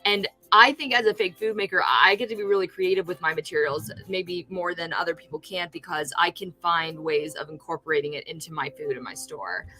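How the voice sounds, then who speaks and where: Speaking fairly quickly with hardly any pauses, a woman with a low-leaning, sharp-toned voice chats on a livestream. The Californian streamer and fake food artist rambles through her crafts, restarting constantly and sounding thrilled with her own work.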